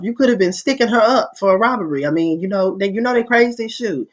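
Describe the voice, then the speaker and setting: A man's voice: high-pitched, fast, hardly any pauses, a bit bright. A man talking casually to his viewers in a candid, profane, storytelling way. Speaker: vlogger. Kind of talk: casual opinion monologue. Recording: dull lo-fi recording.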